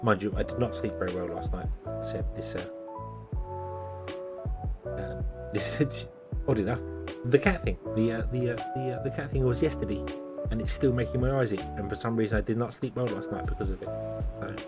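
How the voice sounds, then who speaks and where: A man's voice: on the low side, brisk, long pauses, over loud music. A tired man, thinking aloud with lots of fillers while streaming a game. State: tired, yawning. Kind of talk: casual gameplay commentary.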